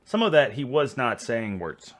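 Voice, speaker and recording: A man's voice: medium pitch, big pitch swings, normal speed, slight background noise. A man with a Texan accent, casually reacting to video clips, chatty and often laughing. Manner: chatty, laughing, stumbling over words.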